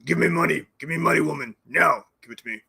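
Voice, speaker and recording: A man's voice: a little high, fast talker, vocal fry, pushed and bright, breathy edge, voice pushed up, heavily acted. A man doing a mocking impression of a pushy male foreign leader, demanding money with insults. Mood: mocking demands.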